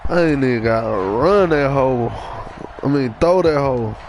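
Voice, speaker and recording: A man's voice: medium pitch, lively intonation, a little slow, faint music behind, poor audio. A man, a football player caught on a mic during a game, taunting opponents with brash, profane trash talk.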